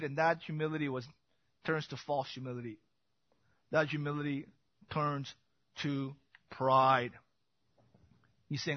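High-voiced man preaching a sermon. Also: flat delivery, measured pace, long pauses, dry recording, lo-fi sound. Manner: swings from loud emphatic bursts to quiet intimate asides. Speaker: pastor. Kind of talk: expository sermon.

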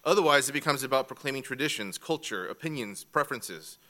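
A man's voice: medium pitch, expressive, quick pace, pushed and bright. A man teaching a church class from an outline, methodical and repeating each key point. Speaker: Bible teacher.

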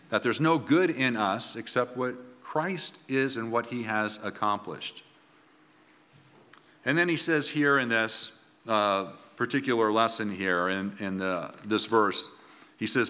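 A man preaching a sermon in an earnest, emphatic way, with pauses and restarts as he presses his points. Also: medium pitch, bright, forceful tone, in a large hall. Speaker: pastor.

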